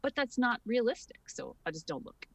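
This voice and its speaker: A woman voice actor talking candidly on a panel, animated and laughing often. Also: on the high side, a little fast, creaky, no echo. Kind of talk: casual panel talk. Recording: dry sound from a distant mic.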